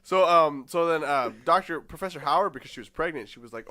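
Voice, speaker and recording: A man's voice: fairly high pitch, expressive, quick pace, hardly any pauses, pushed and bright. A young man chatting casually, telling a rambling story with swearing and quoted voices. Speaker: podcast guest.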